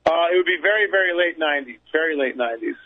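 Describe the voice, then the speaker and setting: A man with a fairly high voice holds forth as a radio guest. He tells his story emphatically and repeats phrases to drive points home. His voice comes through a thin, tinny phone line. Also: lively intonation, quick pace. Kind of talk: storytelling on a call-in radio show.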